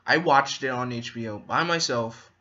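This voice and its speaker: A man's voice: mid-range voice, normal speed, pushed and bright, highs cut off. A man giving an enthusiastic, rambling movie review in a casual vlog.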